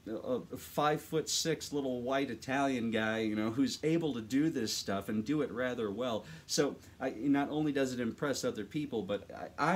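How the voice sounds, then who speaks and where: A voice actor in casual, chatty tutorial talk, rambling with many fillers, recorded into a condenser mic in a small home studio. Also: male voice, medium pitch, slightly rough.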